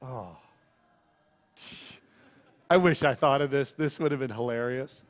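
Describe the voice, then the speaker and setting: A man, a pastor, giving a casual, excitable sermon with lots of fillers while commenting on pictures and a video. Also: medium pitch, unhurried. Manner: chatty and excitable, many fillers like "like". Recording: long reverb, dull lo-fi sound.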